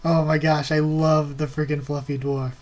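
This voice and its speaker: A man hosting a live reaction to a webcomic, excitedly gushing and laughing as he reads. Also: a little high, moderate pace.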